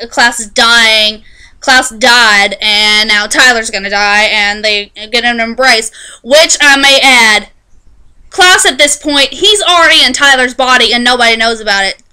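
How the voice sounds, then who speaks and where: A woman casually recapping a TV episode in a chatty, animated way, often restarting her sentences. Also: fairly high pitch, smooth, rough recording. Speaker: TV show reviewer.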